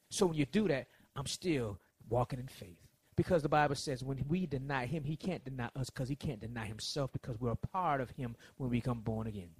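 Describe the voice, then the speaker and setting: A man preaching a sermon, swinging between soft lines and loud ones as he acts out quotes. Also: mid-range voice, sing-song, normal speed, breathy edge, dry recording.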